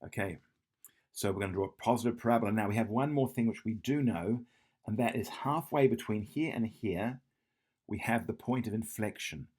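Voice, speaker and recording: A husky, slightly mellow voice with fairly low pitch belongs to a man walking through a math exam question on a whiteboard at normal speed. As he draws, he thinks out loud, corrects himself, and keeps asking "yeah?".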